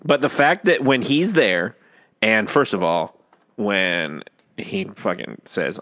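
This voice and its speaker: A man talks in a lively, swooping voice on a podcast, excitable and swearing freely as he acts out scenes. His voice is recorded close and dry. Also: on the low side, slow, dry recording. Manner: excited, profane, acts out movie quotes. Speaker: podcast co-host. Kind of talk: casual chat.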